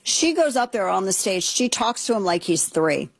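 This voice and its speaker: A woman's voice: medium pitch, animated, normal speed, hardly any pauses, breathy edge, dry recording. A woman hosting a talk show, giving indignant, sarcastic commentary with plenty of emphasis. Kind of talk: opinionated commentary.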